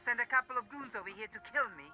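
A woman's voice: on the high side, rapid-fire, bright, forceful tone, faint music behind. An actress playing a vengeful wife who was thought dead, menacing and taunting her husband over the phone.

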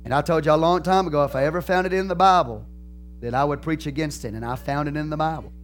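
A man with a Texan accent, a pastor preaching a sermon, moving from calm teaching to loud, fervent preaching. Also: a little high, fast talker.

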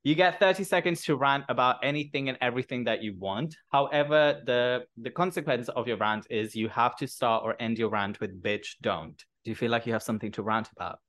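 A man's voice: medium pitch, a bit bright. Playful male podcast host. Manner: playful, teasing, gives quick game instructions. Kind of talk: casual interview.

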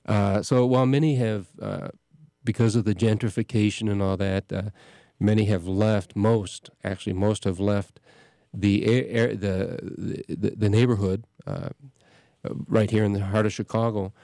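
Middle-aged priest rambling on his show, lowish voice, lots of uh and restarts, dry close mic. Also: fairly even intonation, vocal fry, mellow, no echo. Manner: rambling, halting, with many restarts and fillers. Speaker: parish priest hosting a show. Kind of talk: casual talk.

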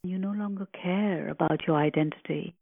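A woman giving a slow, reverent spiritual commentary on a sacred hymn, reflective and full of pauses. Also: lowish voice, vocal fry, dry recording. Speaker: podcast host explaining scripture. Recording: tinny phone-like line.

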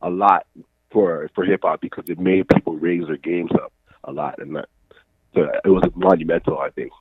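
A laid-back man with a lowish voice chatting on a podcast, often trailing off softly. The recording is dull and lo-fi, with a dry, close sound. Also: fairly even intonation, moderate pace, breathy edge, no room sound. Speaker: podcast co-host. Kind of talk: casual chat.

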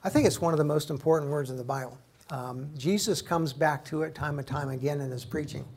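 A man preaching a sermon with a gravelly, husky voice pitched a little high. He is a pastor who reads scripture dramatically, raising his voice for quoted figures. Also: steady tone, fairly quick, darkish tone.

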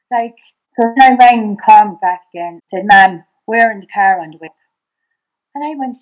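A middle-aged Irish woman, a podcast guest, retelling events in conversation. She talks in a fast, halting way, acting out past dialogue with many restarts. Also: on the high side, animated, poor audio. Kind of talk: personal storytelling in conversation.

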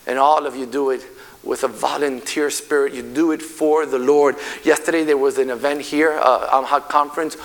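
A man preaching a passionate sermon as pastor, swinging from loud declarations to hushed, quiet passages. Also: mid-range voice, fairly even intonation, moderate pace.

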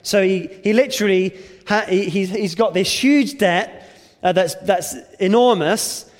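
Male preacher, high-pitched voice, expository sermon with rhetorical questions, hall reverb. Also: measured pace.

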